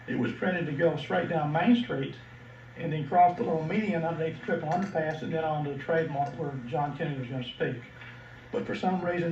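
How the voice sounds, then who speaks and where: A man with a Texas accent giving a seminar lecture, measured and plain, with frequent filler words. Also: a little high, a little hiss or hum. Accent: Texan. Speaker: seminar speaker. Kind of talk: lecture to an audience. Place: lecture hall. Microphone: room microphone at a distance. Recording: dull, roomy old video recording from far off.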